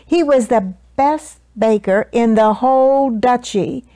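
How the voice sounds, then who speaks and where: A woman reading a children's picture book aloud with expressive storytelling. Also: a little high, takes it slowly, dry recording.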